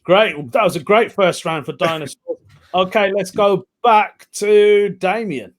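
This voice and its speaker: A man's voice: sits high, a little slow. A man hosting an online pun contest over a video call, laid-back and laughing between turns. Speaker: host.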